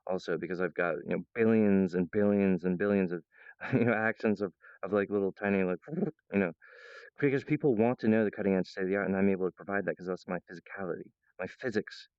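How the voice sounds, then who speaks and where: Low-voiced guy rambling to his viewers, smooth tone, dry close sound, laughs mid-sentence. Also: fast talker, dry recording, lo-fi sound. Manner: acts out other people's voices in a high pitch.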